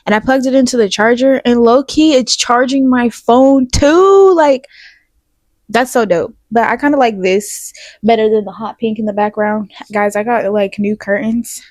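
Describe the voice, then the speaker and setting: A young woman with hosting a podcast from her bed, sniffly from crying, talking candidly, rambling and swearing, trailing off into soft asides. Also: on the high side, fairly even intonation, moderate pace, no room sound. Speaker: podcast host. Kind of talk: casual confessional vlog. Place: bedroom, in bed. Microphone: small mic plugged into a phone.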